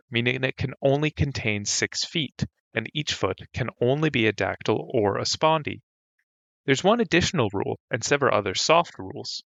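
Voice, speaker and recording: A man's voice: medium pitch, a bit bright, dry recording. A man hosting an educational podcast, narrating a scripted lesson with light enthusiasm and humor. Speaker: podcast host. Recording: slightly dull, dry recording.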